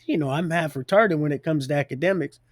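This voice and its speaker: A man's voice: fairly high pitch, fast talker, dry recording, studio quality. Rambling, chuckling man telling a faith story. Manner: rambling, laughs often mid-sentence, repeats words. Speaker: live-stream host.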